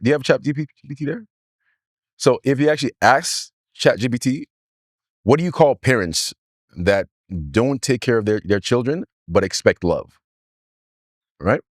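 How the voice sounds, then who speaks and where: A man's voice: on the low side, no echo, clean studio sound. Insistent man co-hosting a podcast. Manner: insistent, repeats himself, talks over his partner. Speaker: podcast co-host. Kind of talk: casual argumentative chat.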